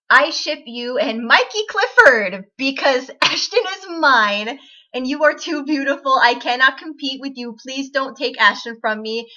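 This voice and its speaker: A giggly woman in her twenties rambles to camera and often pokes fun at herself. Her voice is bright and a little high, and the home audio sounds dull and lo-fi. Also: lively intonation, a little slow. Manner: giggly, rambling, self-deprecating. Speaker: vlogger. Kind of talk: casual chat to camera.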